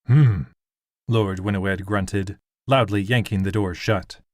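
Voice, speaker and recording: A man narrating a fantasy audiobook in a steady, even storytelling manner. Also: low voice, a little slow, dry recording, clean studio sound.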